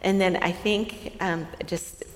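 A middle-aged woman co-hosting a faith-based talk, telling a parenting story in a lively way, laughing often and dropping to a soft voice when she quotes someone. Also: on the low side, takes it slowly. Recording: reverberant room with faint hiss.

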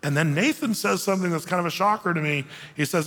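A man's voice: high voice, fast talker, few pauses. A man preaching a sermon in a loose, conversational way, acting out the people he quotes. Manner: conversational, animated, acts out quoted voices. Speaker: pastor. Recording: long reverb of a large hall.

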